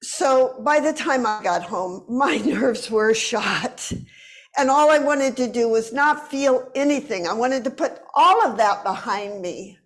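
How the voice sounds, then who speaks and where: A woman in her seventies, a movement teacher, telling a personal story slowly and expressively. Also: on the high side. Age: 70s. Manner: slow, deliberate, expressive.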